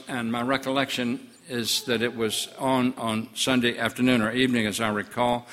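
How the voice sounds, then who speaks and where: A man's voice: medium pitch, sharp tone. Older male pastor in a reverberant church. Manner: reflective, reminiscing. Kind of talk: sermon.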